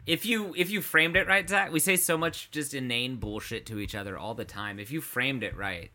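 Very bright, joking male podcast co-host. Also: mid-range voice, normal speed. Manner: joking, teasing, dry sarcastic asides. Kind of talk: casual chat.

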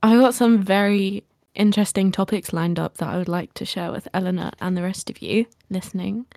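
A woman's voice: mid-range voice, fairly even intonation, a little fast, vocal fry, dark tone, no echo, clean studio sound. A woman co-hosting a podcast in casual chat, chatty and laughing often. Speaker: podcast co-host.

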